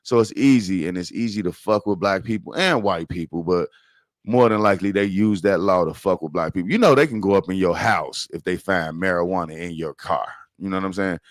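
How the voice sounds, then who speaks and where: A man with a Chicago accent talks through the news in a loose, profane, rambling way, leaning on filler words. His voice sits fairly low, and the recording is dry and close with no room sound. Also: fairly quick, no room sound. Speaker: podcast host. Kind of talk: casual news commentary.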